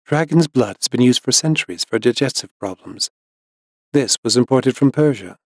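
Man reading older woman herbalist, mysterious, steady even tone, dry recording. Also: medium pitch, dry recording. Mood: cool. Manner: calm, even, unhurried.

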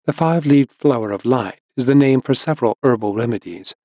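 Storybook shopkeeper: a cool, cryptic older herbalist woman, read by a man, even and unruffled, dry close sound. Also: medium pitch, dry recording, lightly acted. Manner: calm, even, unhurried.

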